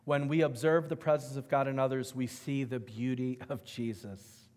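A middle-aged man preaching a sermon, telling a personal story with animated emphasis and swinging between loud and hushed delivery. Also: medium pitch, normal speed. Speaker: pastor. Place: church sanctuary. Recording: reverberant church hall.

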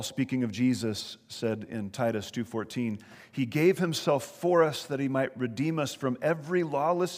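Guy preaching in a church, mid-pitched voice, big echoey hall, earnest storyteller. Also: darkish tone. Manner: earnest storytelling with emphatic rises. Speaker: pastor. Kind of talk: sermon. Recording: long hall reverb.

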